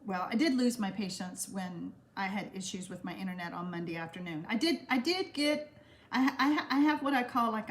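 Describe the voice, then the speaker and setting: Chatty woman, casual craft-stream host, giggles easily, slightly high-pitched. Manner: chatty and giggly, warm toward viewers. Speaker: stamping craft livestream host. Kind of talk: casual livestream chat reading viewer comments.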